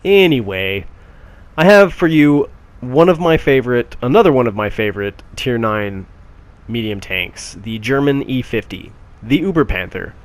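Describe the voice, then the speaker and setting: A man's voice: mid-range voice, expressive, normal speed. A man giving casual gameplay commentary on a tank game, chatty with frequent fillers and restarts.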